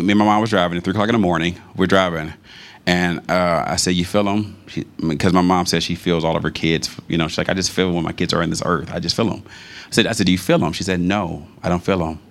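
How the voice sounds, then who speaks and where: Animated, low-voiced man preaching. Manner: conversational, animated storytelling with repetitions. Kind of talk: sermon.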